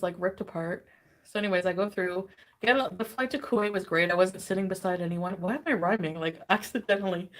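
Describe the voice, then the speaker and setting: A woman chatting casually on a livestream, tired and giddy, greeting viewers with bubbly squeals. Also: medium pitch. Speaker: livestream host.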